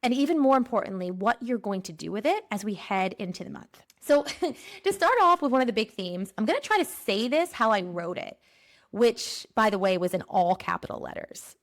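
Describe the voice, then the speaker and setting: A woman from Pennsylvania hosts a spiritual forecast podcast in a slightly high voice. She talks playfully, laughs often and slows down to stretch out her key phrases. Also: animated. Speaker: podcast host. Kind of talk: spiritual energy forecast monologue.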